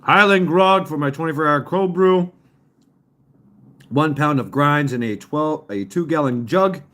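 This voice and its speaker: A man's voice: fairly high pitch, a little slow, fairly bright tone. A man casually chatting and rambling with live viewers as a stream host, often chuckling. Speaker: livestream host. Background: fireworks popping outside.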